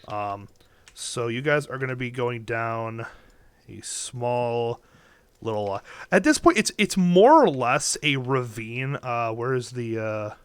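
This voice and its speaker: A man's voice: mid-range voice, expressive, slow, smooth, dry recording. A young man narrating as game master over a voice call, rambling with fillers and restarts. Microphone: headset or desk mic on a voice call.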